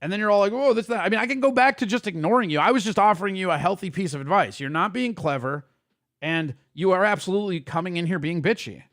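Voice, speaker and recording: A man hosting a casual livestream, ranting at his chat in a quick, profane and heated way. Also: high voice, animated, fairly bright tone, dry recording, clean studio sound. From Italian heritage. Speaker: streamer host.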